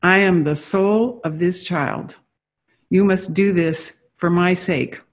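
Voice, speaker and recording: A reader voicing a veiled woman who is the soul of a murdered child, speaking in a slow, measured, commanding way. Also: medium pitch, steady tone, natural voice. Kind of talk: reading dialogue aloud from a book.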